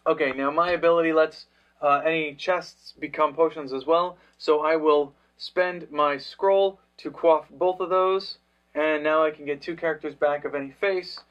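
A man's voice: fairly high pitch, steady tone, moderate pace. Hesitant man thinking aloud, lo-fi. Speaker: board game reviewer. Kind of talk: casual play-through chat.

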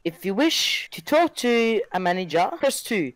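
A woman's voice: medium pitch, very animated, unhurried, no echo, low-quality recording. A woman mimicking an automated phone hotline menu as a prank in game voice chat.

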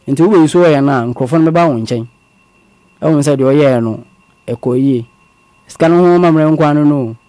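A man, calmly recounting a personal story as a guest in a conversational interview. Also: on the high side, no room sound. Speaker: guest telling his story. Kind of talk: conversational testimony.

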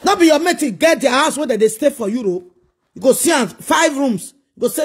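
A man's voice: very high voice, animated, a little fast, slightly rough. A man with a Nigerian accent delivering a preachy, scolding monologue full of repeated rhetorical questions. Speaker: social media commentator.

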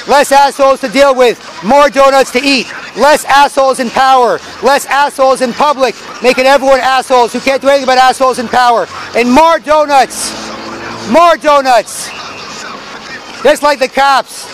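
A man's voice: extremely high pitch, fairly bright tone, poor audio. A man giving a rambling, profane, preachy monologue outdoors on city streets. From Canada. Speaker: street vlogger. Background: faint traffic.

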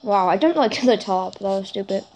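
A woman giving chatty let's play commentary for her gaming channel, getting excited and keeping on apologizing for freaking out. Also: a little fast. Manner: excitable and chatty, jumps to high squeals over goals; self-conscious, keeps apologizing for freaking out.

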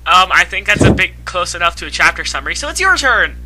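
A man's voice: sits high, big pitch swings, bright, forceful tone, faint music behind, low-quality recording. A man reading fan fiction aloud in an exaggerated, mock-dramatic way. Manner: exaggerated, drawn-out reading that breaks into laughter. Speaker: co-reader.

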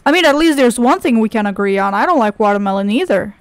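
A woman's voice: mid-range voice, lively intonation, fast talker, hardly any pauses. A young woman commenting on a horror game as she plays, sarcastic and swearing often while talking to herself. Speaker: gaming video creator. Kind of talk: casual gameplay commentary.

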